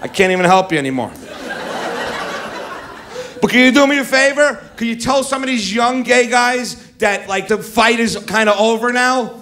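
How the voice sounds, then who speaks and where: A man's voice: extremely high pitch, animated, normal speed, bright, forceful tone. Brash profane stand-up comic man. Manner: brash, profane, crowd-baiting. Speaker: stand-up comedian. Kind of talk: stand-up comedy set. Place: comedy club stage with audience.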